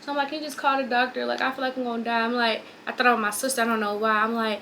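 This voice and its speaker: A young woman vlogger telling a long, rambling story while doing her hair at home, repeating herself and talking in an animated way. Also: fairly high pitch, racing, few pauses, slight background noise. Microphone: phone or camera on a stand.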